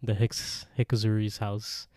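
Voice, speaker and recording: Male podcast co-host, mellow low voice, dry close sound, lively retelling. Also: a little slow, no room sound. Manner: animated retelling with quoted voices. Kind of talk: casual episode recap.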